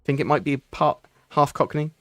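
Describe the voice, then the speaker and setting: A man's voice: a little high, normal speed, fairly bright tone, dry recording. Man, livestream host, casual chat, rambling with ums, dry close mic. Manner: rambling, chatty, restarts often with ums.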